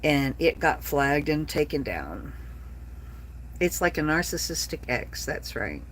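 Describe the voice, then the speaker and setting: Slow-talking blunt woman in her late fifties. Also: low-pitched, big pitch swings, a little hiss or hum. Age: 50s. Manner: blunt, profane, talks to chat viewers. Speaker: livestreamer. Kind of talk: casual livestream chat.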